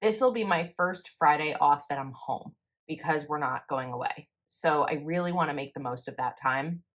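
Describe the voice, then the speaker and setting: Chatty low-voiced woman planner vlogger. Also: moderate pace. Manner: chatty, rambling, self-correcting. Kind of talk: casual voice-over while planning.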